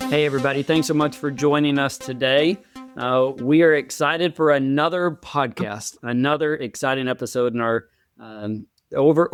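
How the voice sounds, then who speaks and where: A man's voice: a little high, clear, resonant tone, dry recording, clean studio sound. A man hosting a podcast interview, chatty and friendly, often repeating words as he talks. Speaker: podcast host.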